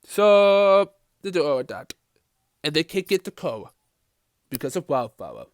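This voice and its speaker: Man, high voice, smooth clear tone, halting recap full of fillers, episode review. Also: very animated, no room sound, studio quality. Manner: halting, many fillers and restarts.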